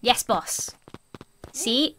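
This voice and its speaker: A woman's voice: on the high side, animated, very slow, sharp tone, a little hiss or hum. A woman playing a story game, chatting casually and emotionally, often giggling, and reading lines aloud. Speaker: let's play streamer. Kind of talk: casual let's play commentary, reading character lines aloud. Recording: game music playing underneath.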